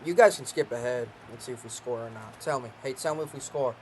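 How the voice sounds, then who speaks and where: A young man streams himself playing a football game, talking loosely to his viewers and a friend. He jokes, curses, and breaks into loud excited outbursts at big plays. A faint hiss runs under the recording. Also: medium pitch, quick pace. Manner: joking, swearing, excitable outbursts. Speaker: gaming channel host. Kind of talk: casual gameplay commentary.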